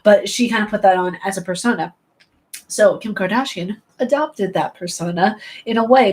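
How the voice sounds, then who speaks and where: A woman streamer talks to her live chat in a loose, playful ramble. Her voice sits at a middle pitch, and she hops from one thought to the next. The delivery is relaxed and chatty. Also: rough recording. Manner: playful, chatty, jumps between topics. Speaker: gaming streamer. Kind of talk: casual chat with live viewers.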